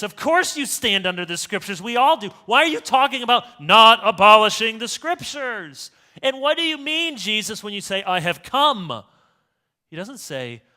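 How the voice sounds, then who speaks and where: A male pastor preaching a sermon in a church, moving from hushed rhetorical asides to loud emphatic peaks. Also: on the high side.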